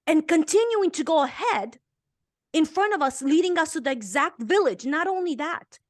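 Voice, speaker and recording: A woman in her fifties from Romania, a guest author telling a personal story in an interview, earnest and emotional, swelling and dropping to a hush. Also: high voice, expressive, normal speed. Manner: earnest and emotional, with intense swells and hushed drops.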